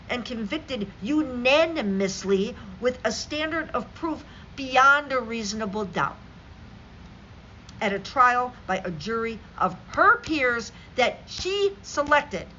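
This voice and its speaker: A woman's voice: on the high side, pushed and bright, slight background noise. A woman vlogger reading news stories aloud and ranting about them in an angry, sarcastic, profane way, on dull lo-fi audio. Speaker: political commentary vlogger.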